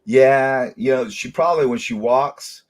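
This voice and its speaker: A middle-aged man hosting a casual livestream, telling animated stories and laughing often. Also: mid-range voice, measured pace. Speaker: livestream host.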